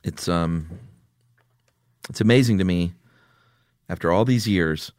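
Low-voiced teasing man, dry mic. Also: measured pace, a little mellow, no echo. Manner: teasing, jokey, laughs often. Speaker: podcast co-host. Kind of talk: casual chat.

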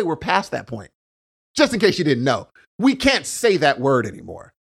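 A man in casual conversation, talking in an animated way and acting out the voices he quotes. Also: high voice.

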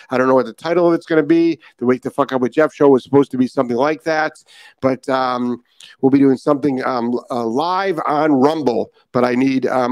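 A man's voice: medium pitch, darkish tone, no echo. Blunt, emphatic male podcast host. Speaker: podcast host and dog trainer. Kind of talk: casual morning podcast monologue.

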